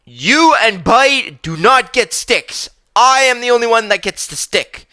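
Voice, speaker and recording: A man voicing a little boy in a tantrum, shrill and insistent as he protests. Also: lively intonation, a little slow, bright, forceful tone, exaggerated voice. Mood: outraged. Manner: high-pitched, insistent, protesting.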